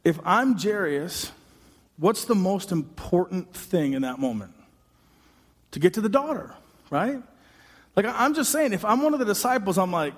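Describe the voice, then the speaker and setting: A man preaching a sermon as a pastor, telling the story in an animated, humorous way with quick asides. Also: high voice. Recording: long hall reverb.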